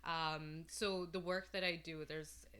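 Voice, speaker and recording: A woman with a low, bright voice co-hosting a relaxed podcast conversation. She rambles freely and fills her sentences with "like" and "you know". Her talk stays loose and unscripted. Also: slow pace, clean tone. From Canada. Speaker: podcast co-host. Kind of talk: casual chat.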